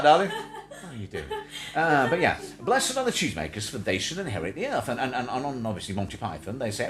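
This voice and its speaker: A man's voice: mid-range voice, wildly swooping pitch, brisk, a crowd in the background. A man co-hosting a live stream in casual chat, rambling and joking as he talks to viewers and his pets. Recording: noisy home stream audio.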